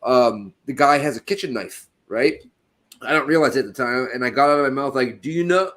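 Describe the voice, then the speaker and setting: A man co-hosting a laid-back sports gambling stream. He tells a wild story loosely, with plenty of swearing and a voice at an ordinary middle pitch. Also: a little fast. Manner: profane, animated storytelling. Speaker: podcast co-host. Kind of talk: casual sports chat, storytelling.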